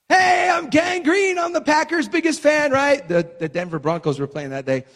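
A man preaching a sermon, telling chatty stories and checking in with "right?" before bursting into shouted exclamations. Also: fairly high pitch. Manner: keeps asking the crowd "right?". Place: church sanctuary. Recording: long hall reverb.

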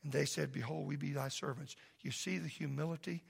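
A man who is a pastor preaching a sermon in a church, impassioned and loud at first, then soft and pleading. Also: on the high side, fairly even intonation, fairly quick, creaky, husky. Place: church sanctuary.

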